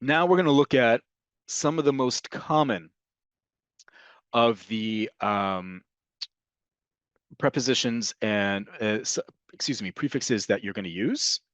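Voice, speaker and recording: A man teaching an online language lesson, explaining slowly and repeating each example. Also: medium pitch, a bit bright, no room sound. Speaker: Hebrew teacher.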